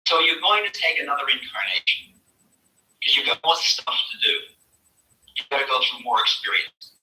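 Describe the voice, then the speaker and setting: A man giving a spiritual talk at a workshop, telling his story in a lively way and acting out the voices in it. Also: medium pitch, moderate pace, roomy sound, recorded from a distance, poor audio. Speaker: spiritual teacher.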